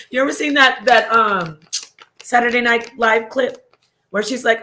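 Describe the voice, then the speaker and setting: Bright-voiced woman chatting on a livestream. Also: fairly high pitch, normal speed. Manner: chatty, affectionate, trailing off and restarting. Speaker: livestream host. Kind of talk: casual livestream chat reading comments.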